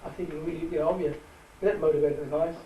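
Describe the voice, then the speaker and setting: A man with a New Zealand Māori accent, giving a halting, heartfelt speech to a rugby team. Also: a little high, fairly even intonation, a little hiss or hum. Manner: halting, warm-hearted, switches between Māori and English. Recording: echoey room from far off.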